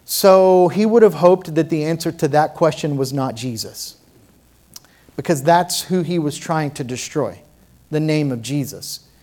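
A man preaching a sermon as pastor, asking the congregation rhetorical questions and swinging between loud passages and quiet ones. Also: fairly high pitch, unhurried.

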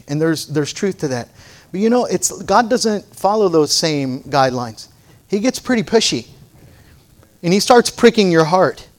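A middle-aged male pastor preaching a sermon, moving from playful storytelling to fervent exhortation. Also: on the high side.

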